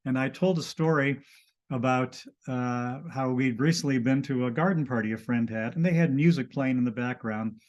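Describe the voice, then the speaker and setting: Guest storyteller, man, mid-range pitch, halting and full of restarts. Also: a little mellow. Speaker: guest telling a personal story. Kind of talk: casual conversation.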